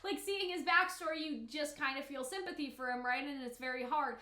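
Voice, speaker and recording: A woman's voice: high-pitched, brisk, bright, forceful tone, roomy sound. A woman giving casual reaction commentary on an anime, talking in a chatty, emotional way full of fillers, at her computer at home.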